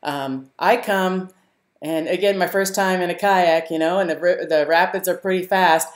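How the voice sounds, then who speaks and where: A woman hosting a live stream, telling a story to her viewers in a casual, animated way, laughing often and using many fillers. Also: on the low side, moderate pace. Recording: roomy echo.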